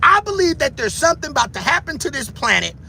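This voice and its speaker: A man giving heated livestream commentary who shouts, taunts his viewers and keeps repeating a catchphrase. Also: extremely high pitch, very animated, quick pace, vocal fry, a little hiss or hum.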